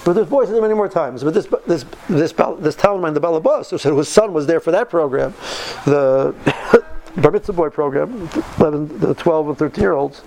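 A man's voice: on the high side, a little fast, darkish tone, slight background noise, low-quality recording. A man in his fifties telling stories in a casual talk, earnest and driving his points home by repeating phrases. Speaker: speaker recounting yeshiva study.

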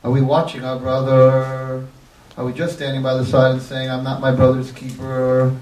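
A man's voice: medium pitch, monotone, moderate pace, darkish tone. A man preaching an impassioned sermon that builds into crying pleas. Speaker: rabbi. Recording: echoey, distant mic, faint ambience.

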